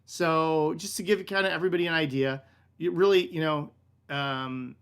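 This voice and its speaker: With a fairly high, smooth and fairly bright voice, this American man keeps a steady tone and a moderate pace as he runs a casual online wine lesson. He's the director of a wine shop, and he rambles easily, addressing people as "man" and scattering "like," "kinda" and "um" throughout.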